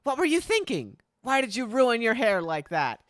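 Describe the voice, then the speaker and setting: A woman voicing a stern, disapproving parent who lectures in a lower voice, read from a game. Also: very animated, moderate pace, no room sound, studio quality. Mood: scolding. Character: stern, scolding traditional parent.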